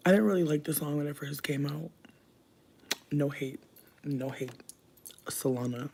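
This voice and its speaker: A young adult livestreamer chatting casually with viewers, telling profane stories with sudden loud, high outbursts and soft, near-whispered asides. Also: a little slow, vocal fry, noisy background. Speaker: livestreamer reading chat.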